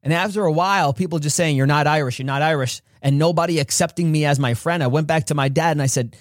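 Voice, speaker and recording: Guy on a podcast telling his own story, kinda high voice, very dry sound, gets emphatic. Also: fast talker, no echo. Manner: emphatic, acts out childhood dialogue with rising pitch. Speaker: podcast host. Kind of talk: personal storytelling monologue.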